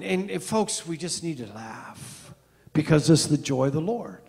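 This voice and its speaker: A middle-aged male pastor preaching a storytelling sermon, his mid-pitched voice carrying a gravelly edge. He swings between loud, animated moments and hushed asides. The long church-hall reverb trails behind every phrase. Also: normal speed. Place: church sanctuary.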